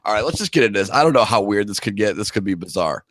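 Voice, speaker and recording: Hoarse jokey podcast co-host man. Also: lowish voice, expressive, very fast, fairly bright tone, no room sound, clean studio sound. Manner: jokey, laughs often. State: hoarse, sore throat. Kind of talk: casual podcast chat.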